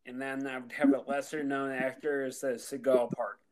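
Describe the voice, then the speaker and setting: A man co-hosting a casual comedy podcast, talking in halting, hesitant bursts. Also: medium pitch, level tone, a little mellow, rough recording. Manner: hesitant, lots of fillers. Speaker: podcast co-host.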